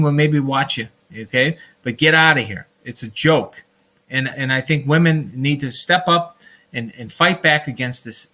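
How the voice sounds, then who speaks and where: A man's voice: medium pitch, pushed and bright. A man hosting a casual livestream, talking in a rambling, fired-up way, often breaking into laughter and calling his listeners folks. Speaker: livestream host.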